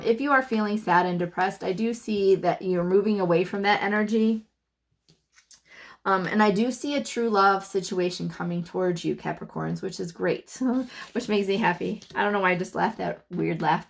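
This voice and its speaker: Female tarot reader, mid pitch, chatty, loose, thinking aloud with fillers. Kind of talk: casual tarot reading.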